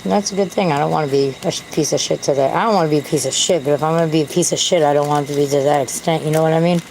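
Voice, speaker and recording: A woman's voice: deep voice, rapid-fire, a little mellow, a little hiss or hum, low-quality recording. A woman talking to camera in a candid, self-deprecating, rambling way. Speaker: vlogger. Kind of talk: casual rambling monologue.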